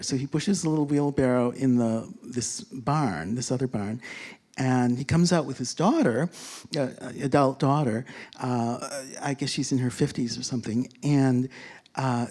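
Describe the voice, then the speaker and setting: Brief: chatty anecdote teller, mid-pitched voice, loose and rambling, full of fillers, laughs at their own story. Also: a little mellow. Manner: chuckles while telling, acts out quoted speech. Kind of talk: casual personal travel anecdote. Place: lives in a big city, abroad on a trip.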